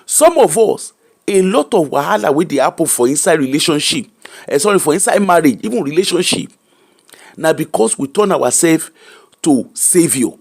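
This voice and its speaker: A man's voice: a little high, animated, normal speed, gravelly. A middle-aged Nigerian man with a Nigerian accent, hosting an emphatic, preacher-like commentary that mixes Pidgin and English. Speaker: host.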